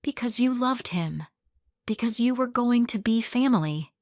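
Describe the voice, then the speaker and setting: A woman voicing an uneasy, defensive middle-aged woman who talks haltingly. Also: a little high, animated, darkish tone, no room sound, clean studio sound, voice pushed up.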